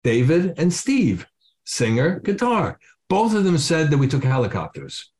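A man's voice: fairly high pitch, wildly swooping pitch, unhurried, darkish tone. An older man, a drummer being interviewed, telling a story with lots of acted-out quotes and casual swearing. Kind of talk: animated anecdote telling.

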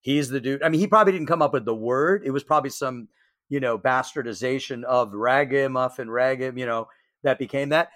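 A man with a middle-pitched voice casually explains a point on a podcast. The sound is dry and close. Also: a little fast, a bit bright, no echo.

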